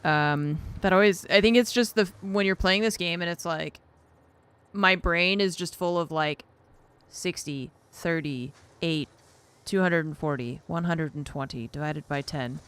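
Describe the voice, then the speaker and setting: A woman's voice: fairly low pitch, unhurried, fairly bright tone, smooth. A young woman streaming a factory-building game, thinking aloud and getting flustered as she juggles numbers, poking fun at herself. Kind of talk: casual gameplay commentary.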